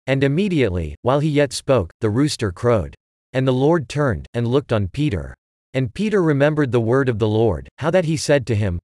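A man reading scripture aloud in steady, measured, unhurried phrases. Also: mid-range voice, no room sound, studio quality. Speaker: scripture reader.

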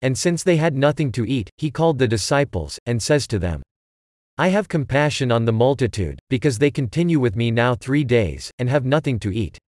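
A man giving a measured scripture reading, phrase by phrase. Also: mid-range voice, lively intonation, darkish tone, dry recording, clean studio sound. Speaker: scripture reader.

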